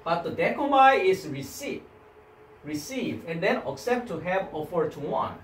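In this classroom lecture, a man with a Korean accent teaches Greek in non-native English at a moderate pace, often asking students "right?" His voice is high-pitched with big swings in pitch, captured by a distant mic in an echoey room with faint background noise.

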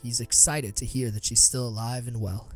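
A man's voice: medium pitch, steady tone, normal speed, a little mellow, faint music behind. A man narrating a scripted fan story in a dramatic way.

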